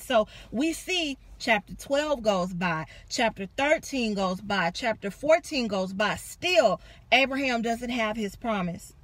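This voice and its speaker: A young adult woman giving a casual sermon, telling the story with animated, acted-out quotes. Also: on the high side, slow pace, no echo. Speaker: preacher.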